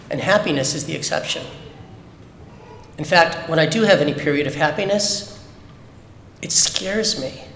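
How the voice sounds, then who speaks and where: A man speaks openly to a congregation, pressing his points with rhetorical questions in a fairly high voice. His words ring out through a synagogue sanctuary with a long, echoing reverb. A faint room hum sits underneath. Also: a bit bright. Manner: candid, emphatic, many rhetorical questions. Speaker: speaker at a Shabbat service. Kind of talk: personal testimony talk. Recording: echoey hall with long reverb.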